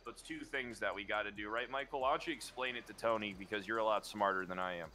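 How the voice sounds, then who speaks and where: A man's voice: fairly low pitch, quick pace, sharp tone, a little hiss or hum. A man talking in character over voice chat, rambling and restarting his sentences as he explains his case. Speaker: roleplay character under investigation.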